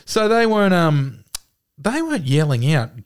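Lively self-mocking Australian bloke. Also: male voice, a little high, a little slow, smooth. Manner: self-mocking, chuckling storyteller. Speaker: podcast co-host. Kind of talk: casual banter.

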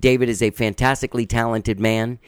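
A male podcast host talks in a loose, rambling monologue, drifting into a laid-back drawl and restarting his sentences. His mid-pitched voice sits close to the mic in a dry, dead room with no echo. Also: fairly even intonation, brisk, smooth. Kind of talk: casual monologue introducing a guest.

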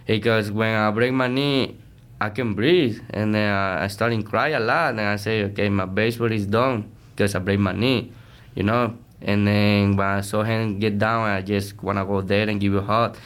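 Earnest man, smooth voice. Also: lowish voice, moderate pace. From Venezuela. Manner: earnest, energetic, broken English. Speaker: baseball player, interview guest. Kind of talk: casual interview chat.

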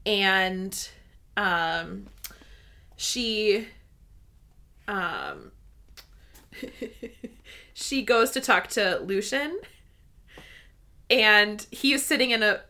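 A woman's voice: mid-range voice, big pitch swings, very slow, creaky, pauses often, pushed and bright. A woman co-hosting a casual book chat, gushing and giggly, with lots of "like" in her speech. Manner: gushing and giggly, heavy "like" fillers. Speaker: podcast co-host.

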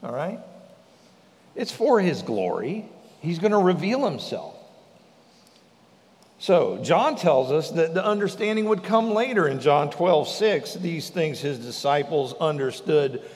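A male pastor preaching a sermon in a lively way, acting out the lines of the scripture. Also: fairly high pitch, a little slow, long reverb tail. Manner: animated preaching, acts out the speakers in the scripture.

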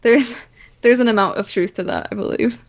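A woman's voice: fairly high pitch, vocal fry, dry recording, highs cut off. Playful, laughing woman co-host. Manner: playful, laughing, quick jabs. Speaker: podcast co-host. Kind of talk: casual chat.

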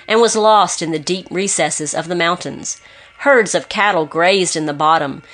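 Measured woman reading a gothic novel. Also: fairly low pitch, fairly bright tone. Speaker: audiobook narrator. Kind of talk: scripted narration of a gothic novel.

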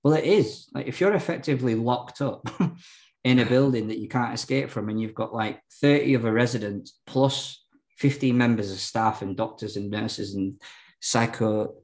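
A man's voice: medium pitch, a little mellow, low-quality recording. A man, a podcast guest telling his story candidly, rambling with lots of fillers and restarts.

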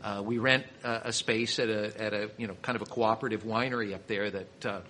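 A man's voice: lowish voice, fairly even intonation, a little fast, pushed and bright, slight background noise. A man from Kansas City, a winery owner and sommelier, telling stories as a podcast guest in a chatty way with many restarts. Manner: chatty storyteller with frequent restarts. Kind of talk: casual storytelling interview.

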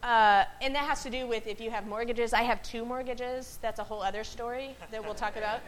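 A woman's voice: fairly high pitch, fairly even intonation, a little fast, rough recording. A woman pastor gives a conversational sermon to a congregation in a worship space. She often asks the room questions and checks in with "right?" between points.

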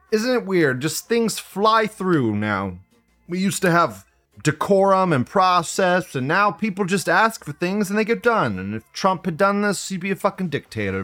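A male host delivering news commentary in a profane, sarcastic rant, with his voice sitting a little high. Faint music plays behind him. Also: a bit bright.

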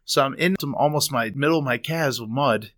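A man hosting a podcast, telling a funny story in a lively, laughing way. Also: medium pitch, a little fast. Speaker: podcast host.

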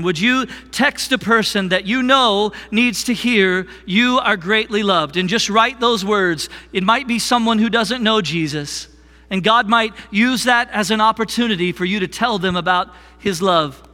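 A man preaching a sermon as worship pastor, earnest, slowing down and softening on key phrases. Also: sits high. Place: church sanctuary. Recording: long reverb of a church hall.

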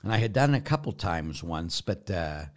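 Blunt priest with forceful manner. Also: male voice, deep voice, sing-song, normal speed. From Pittsburgh, United States. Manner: blunt, forceful, storytelling with rambling restarts. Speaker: Catholic priest answering listener questions. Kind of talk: casual Q&A talk.

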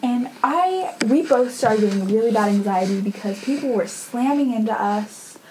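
A woman's voice: on the high side, expressive, normal speed, a little mellow, slight background noise, poor audio. A young woman hosting a podcast, telling a story in a chatty, casual way full of fillers and laughter. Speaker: podcast host.

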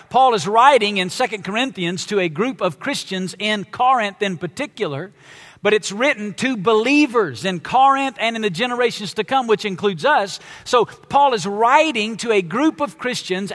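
A man's voice: high-pitched, fairly bright tone. A man preaching a sermon as pastor, stretching out key words with emphasis. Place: church auditorium. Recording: long hall reverb.

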